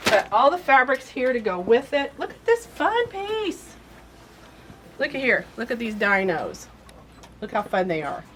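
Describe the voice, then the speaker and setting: A woman's voice: a little high, sing-song, measured pace, fairly bright tone, a little hiss or hum. A woman hosting a casual product showcase in a fabric shop, chatty and gushing with enthusiasm. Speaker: quilt shop host.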